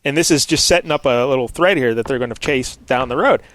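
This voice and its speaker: A man's voice: mid-range voice, fast talker, fairly bright tone. A man co-hosting a casual comic review podcast, joking and laughing often. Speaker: podcast co-host.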